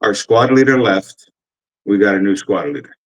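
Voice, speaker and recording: A man's voice: fairly low pitch, expressive, moderate pace, rough recording. A man in his forties, an army veteran telling a casual, rambling story full of cursing and fillers. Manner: rambling, profane, with many fillers.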